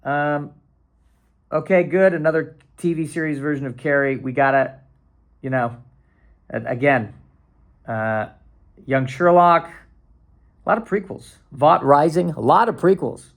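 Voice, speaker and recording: A man's voice: on the high side, measured pace, pauses often. A man hosting his own podcast, rambling casually with sarcasm, restarts and bursts of mock panic. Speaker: podcast host.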